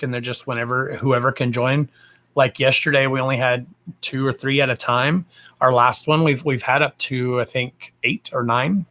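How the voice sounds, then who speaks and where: Speaking in a mid-range, fairly bright voice, this man with a Texan accent runs a laid-back psychic live stream. He chats loosely, greets viewers with terms of endearment, and swears casually. The recording quality is poor.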